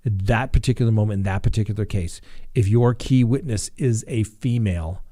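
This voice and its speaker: A lowish, dark-toned male voice, fairly quick in delivery. The speaker is a middle-aged defense attorney running a live broadcast, relaxed as he recounts courtroom stories and performs the voices of those involved.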